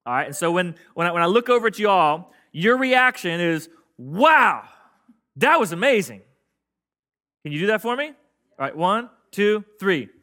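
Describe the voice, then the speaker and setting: Preaching to his congregation in a church sanctuary, a male pastor keeps the sermon loose and conversational, cracking jokes and leading call-and-response lines. His voice is bright, slightly high and clean in tone, and his relaxed, friendly delivery runs a little fast.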